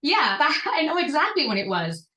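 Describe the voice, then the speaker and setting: A woman in her thirties telling personal stories as a podcast guest, animated and jumping up in pitch when she stresses a point. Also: normal speed. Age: 30s. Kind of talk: personal storytelling in conversation. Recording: echoey room.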